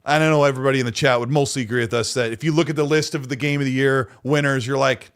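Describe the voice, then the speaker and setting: A man's voice: medium pitch, fairly even intonation, rapid-fire, fairly bright tone, clean tone. A man co-hosting a gaming podcast, talking in an easygoing, casual way. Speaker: podcast co-host. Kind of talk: casual chat.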